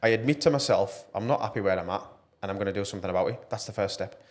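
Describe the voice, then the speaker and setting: A man with a fairly low voice, speaking as a guest on a podcast. He talks with earnest passion in a loose, conversational way, often pausing on fillers. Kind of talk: casual podcast interview.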